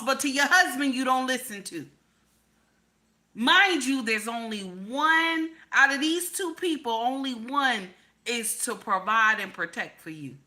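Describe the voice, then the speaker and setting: A woman's voice: high-pitched, bright, forceful tone. A woman giving relationship advice in a profane, emphatic monologue, repeating her points over and over. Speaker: relationship commentator.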